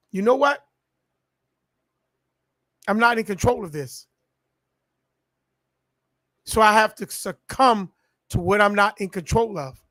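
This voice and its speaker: A man's voice: sits high, fairly bright tone, no room sound. A man preaching a sermon in call-and-response style, stretching words and building to peaks.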